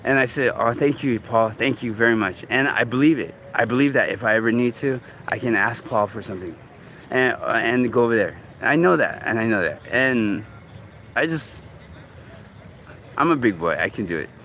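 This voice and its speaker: A man's voice: mid-range voice, a bit bright, a little hiss or hum. Man in his forties, rambling vlog. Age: 40s. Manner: rambling, halting, many fillers and restarts. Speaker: vlogger. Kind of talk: casual talk to camera. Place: outdoors in a city park.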